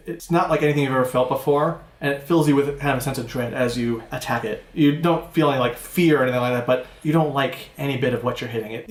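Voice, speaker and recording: A man narrating as game master of a tabletop game, with slow, searching descriptions full of restarts. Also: mid-range voice. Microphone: older home recording setup. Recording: echoey room, faint noise.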